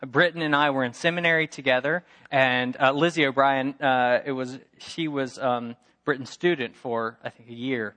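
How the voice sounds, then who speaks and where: A man's voice: mid-range voice, steady tone, normal speed, few pauses, sharp tone. A middle-aged man preaching a sermon, telling a story with emphatic repetition and acting out the voices of its characters. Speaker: pastor.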